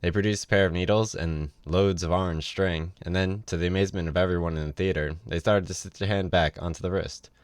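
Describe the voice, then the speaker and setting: A man reads a novel aloud for a livestream, in an easy, casual way with offhand asides. His voice sits very low. The sound is close and dry. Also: steady tone, a little fast, few pauses, no echo. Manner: casual read with ad-libbed asides. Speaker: reader.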